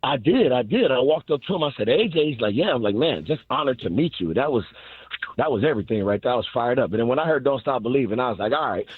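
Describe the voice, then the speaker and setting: Excited male caller on a phone line. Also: medium pitch, fast, breathy edge, no echo. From Chicago South Side. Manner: animated storyteller, laughing.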